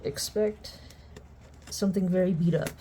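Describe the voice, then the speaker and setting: A woman chatting casually as she unboxes a collectible on her channel, excitable and sometimes dropping to soft murmurs. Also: on the low side, a little slow, background noise. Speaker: unboxing vlogger.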